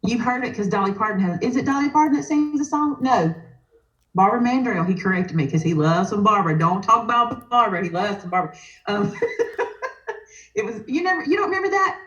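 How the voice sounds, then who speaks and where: A woman's voice: mid-range voice, fast, a bit bright, roomy sound, lo-fi sound. A woman, chatting enthusiastically on a casual livestream and laughing easily. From Alabama. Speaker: guest.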